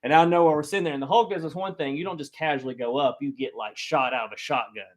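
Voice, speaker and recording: A man telling a funny personal story to a live audience, animated and self-mocking. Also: a little high, fast talker. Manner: animated, self-mocking, acts out loud quoted lines.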